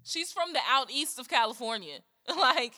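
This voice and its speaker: A woman with a high, bright voice co-hosts a podcast, chatting casually and profanely. She is animated and mocking, and often breaks into laughter. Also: moderate pace. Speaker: podcast co-host.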